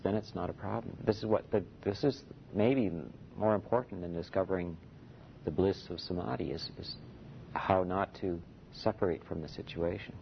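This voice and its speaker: A man teaching a meditation retreat in a relaxed, conversational dharma talk, often saying "you know" and chuckling softly. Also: gravelly. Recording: dull lo-fi recording with faint rumble.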